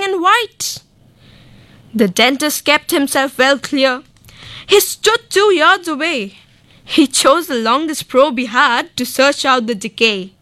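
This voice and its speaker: A girl reciting poems in an expressive, deliberate way, her high voice swooping widely. She takes her time over each line. The sound is close and dry. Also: no room sound. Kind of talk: poetry recitation.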